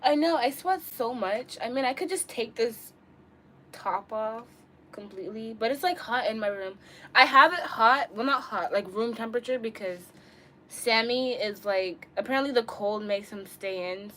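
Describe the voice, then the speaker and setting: A bubbly young woman streams live from her bedroom, chatting with viewers and answering their comments. She is giggly and playful, jumping from loud outbursts to quiet mumbles. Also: medium pitch, normal speed, slight background noise.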